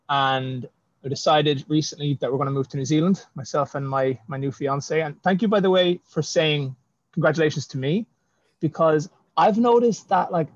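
A man's voice: on the high side, dry recording. A man who writes fantasy novels, chatting in a casual video-call interview, self-deprecating and laughing often. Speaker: self-published fantasy author, guest. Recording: dull lo-fi video call audio.

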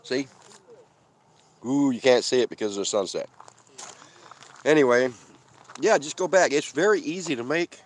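With long pauses and a little hiss or hum in the background, a man talks at a moderate pace in a medium-pitched voice. He's a van-life vlogger live-streaming from a desert campsite, rambling casually, eating, and reading viewers' comments.

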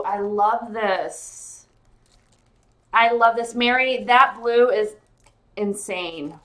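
Late at night, a woman with a mid-range voice hosts an informal jewelry sale live-stream. Giddy but tired, she gushes with excitement and shouts out viewers by name.

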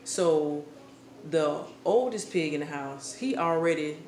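A woman vlogger telling a story in a comic, casual way, slangy and animated, often breaking into laughter. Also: low-pitched, slow. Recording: echoey room with faint hiss.

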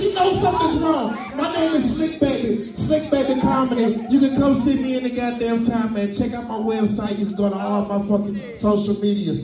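A man doing a stand-up comedy set on a club stage, loud, profane and working the crowd. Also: very high voice, fairly even intonation, a little fast, few pauses, over music. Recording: echoey room from far off with loud crowd. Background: audience laughter.

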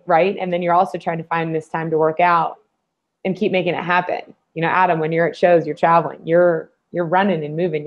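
A woman on a fitness panel who talks in a lively way and acts out the voices she quotes. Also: fairly low pitch. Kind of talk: casual panel discussion. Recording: slightly dull lo-fi audio.

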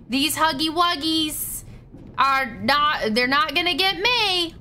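A woman's voice: high voice, expressive, slow pace, pauses often, sharp tone, faint music behind. A young woman streaming a horror game live, panicking, shrieking and swearing as she plays. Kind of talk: live gameplay commentary.

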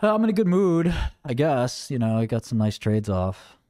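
A man talks through a livestream in a loose, digressive way, full of sarcasm and mockery. His pitch swings widely between lines while staying mid-range overall. The sound is dry and close, with no room around it. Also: very animated, moderate pace, warm tone, no room sound. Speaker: livestreamer commenting on markets. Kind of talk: rambling casual livestream commentary.

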